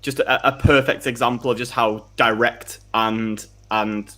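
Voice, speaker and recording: Hombre charlando de fútbol, titubeante. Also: male voice, medium pitch, steady tone, measured pace, pushed and bright. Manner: rambling, full of restarts and fillers. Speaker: football fan pundit. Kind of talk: casual fan chat on a live stream.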